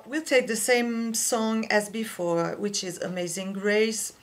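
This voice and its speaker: Slow-spoken French-speaking woman teaching singing. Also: mid-range voice, steady tone. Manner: slow, careful explaining with fillers. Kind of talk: vocal lesson with sung demonstrations.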